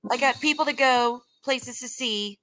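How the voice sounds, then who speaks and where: A woman's voice: fairly high pitch, bright, forceful tone, long reverb tail, rough recording. A woman hosting a paranormal livestream, chatting casually and passing along what she hears from spirits to her viewers. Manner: chatty, relays spirit messages to viewers, addresses them as y'all.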